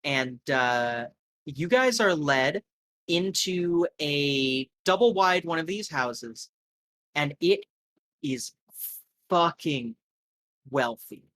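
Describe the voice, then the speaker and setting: A man's voice: fairly high pitch, expressive, very slow, long pauses, a bit bright, slight background noise. A man narrating a tabletop game as game master, rambling casually with lots of fillers.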